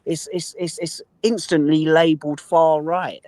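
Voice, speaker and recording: Pushy, interrupting man, a bit high. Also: little pitch movement, unhurried, a little mellow, no echo. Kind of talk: casual argumentative chat.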